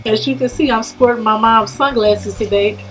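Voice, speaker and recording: A woman's voice: fairly high pitch, steady tone, normal speed, soft background music, low-quality recording. A woman co-hosting a casual travel chat, chiming in with short agreements. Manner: supportive, frequent short agreements. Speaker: co-host.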